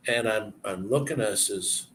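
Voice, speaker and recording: A man's voice: on the low side, normal speed, fairly bright tone, rough recording. Rambling chatty man on a live stream. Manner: rambling, chuckling, chatty storyteller. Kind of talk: casual live-stream chat.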